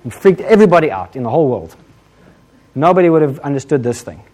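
A male preacher with an English accent delivers a chatty sermon. He talks like he is telling a story to friends, with quick asides and a joking edge. His pitch swings up and down a lot as he goes. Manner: conversational, humorous, animated, with many asides.

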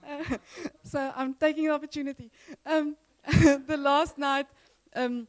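A woman's voice: high voice, steady tone, measured pace, hardly any pauses, rough recording. A woman sharing mission testimonies in church, enthusiastic and rambling, often breaking into laughter.

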